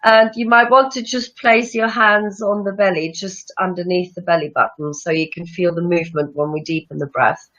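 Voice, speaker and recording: A woman yoga teacher leading a guided breathing meditation with slow, soothing instructions. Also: fairly low pitch, fairly even intonation, fairly bright tone. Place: room with chairs, not a studio. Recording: dull lo-fi sound.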